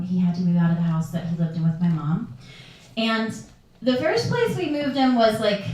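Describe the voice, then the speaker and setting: A woman's voice: on the high side, darkish tone. A woman telling a personal story live on stage, candid and darkly funny. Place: live performance venue. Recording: very echoey room from far off.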